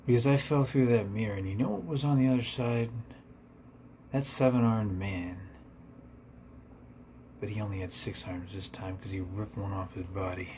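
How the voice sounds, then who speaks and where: Low-voiced deadpan storyteller, rambling absurd live tale, male. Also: moderate pace, pauses often, a little hiss or hum.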